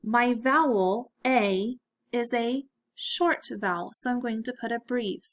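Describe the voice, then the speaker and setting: Teacher, female, slow and clear, slightly high voice, gently encouraging. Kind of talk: phonics lesson for children.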